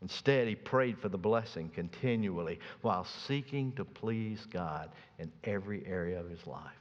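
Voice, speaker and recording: A pastor preaching a sermon, swinging from soft, slow passages to loud, emphatic ones. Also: male voice, low voice. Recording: dull sound with long reverb.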